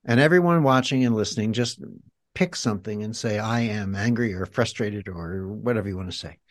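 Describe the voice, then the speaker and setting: Speaking fairly quickly in a lowish voice with no echo, a man who is a healer and interview guest reflects thoughtfully and leads the listener through an exercise like a teacher.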